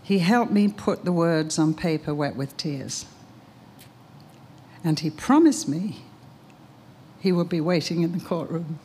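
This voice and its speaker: A woman's voice: on the low side, expressive, measured pace, pauses often, mellow, slight background noise. An older woman giving an earnest, emphatic sermon, telling a story and reciting a poem. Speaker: speaker, teacher.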